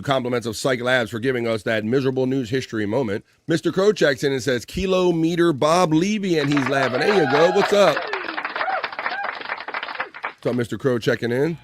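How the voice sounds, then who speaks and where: A man's voice: medium pitch, very noisy. A man hosting a casual daily live show, upbeat and reading viewer comments aloud. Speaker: livestream host. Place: home studio.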